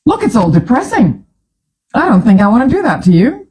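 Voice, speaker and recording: A woman's voice: fairly high pitch, very animated, brisk, a little mellow, slightly rough, low-quality recording. Chatty, opinionated woman hosting a talk show. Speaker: show host. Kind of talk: casual talk show chat. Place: studio.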